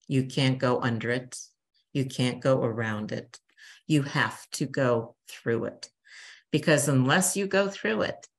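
An older woman, a bereavement counselor, giving a chatty talk to a church grief group and acting out little quotes. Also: extremely low pitch. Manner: warm, chatty teacher, acts out quotes.

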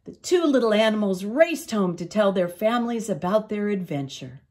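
An older woman reading a children's storybook aloud in an expressive, unhurried way. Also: medium pitch. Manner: expressive, slow read-aloud.

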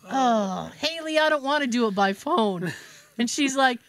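Speaking at normal speed in a high, animated voice, an American woman co-hosting a podcast recounts a story in casual conversation, playing both parties in a phone call herself.

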